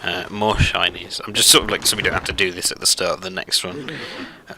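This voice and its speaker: A man's voice: sits low, flat delivery, fairly quick, vocal fry, low-quality recording. A man hosting a let's play, rambling through casual gameplay commentary with lots of fillers and self-deprecating asides.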